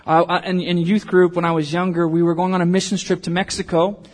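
A man's voice: sits high, fast. A man in his thirties preaching a sermon, telling a personal story and acting out the voices in it. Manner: animated storytelling, acting out quotes. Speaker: pastor.

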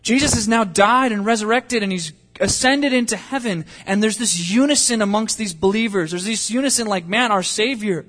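A man's voice: high-pitched, fairly quick, hardly any pauses, a bit bright, long reverb tail. A pastor preaching a sermon to his congregation in an earnest, conversational way, with asides and rhetorical questions. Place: church sanctuary.

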